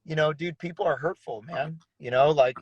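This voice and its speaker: A man's voice: a little high, moderate pace, husky, no echo, lo-fi sound. A man in his thirties, a pastor, telling his story in an earnest, emotional way with frequent restarts. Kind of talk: conversational testimony in an interview.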